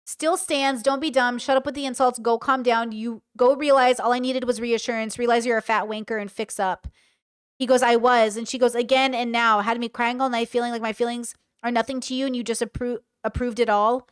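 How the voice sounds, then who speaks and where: A woman talks through a reaction stream in casual commentary. She reads messages aloud and reacts with blunt remarks. Her voice sits a little high, smooth and clear on a close, dry mic. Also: fairly even intonation, brisk, dry recording.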